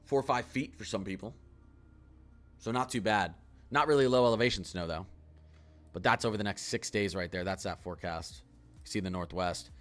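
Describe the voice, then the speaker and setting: A man giving a casual livestream weather forecast, talking quickly and excitably as he chats through model maps. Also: lowish voice, faint music behind.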